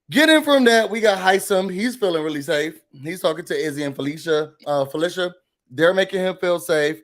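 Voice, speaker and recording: Brisk and sassy, a high-voiced man rants as host of a recap show. Quotes get mimicked in a squeaky high voice, and his whole delivery of the recap is lively and expressive.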